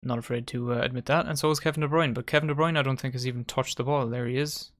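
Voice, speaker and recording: Male watchalong host, mid-pitched, casual chatty play-by-play with banter. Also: fairly even intonation, fast. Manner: chatty, banters with friends and viewers. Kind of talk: casual live match commentary.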